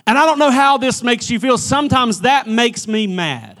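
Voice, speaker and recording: A man preaching a church sermon, swinging from emphatic pleading to hushed, near-whispered lines and often repeating the first word of a phrase. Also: extremely high pitch, animated, normal speed. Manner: repeats words at starts of phrases. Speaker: pastor.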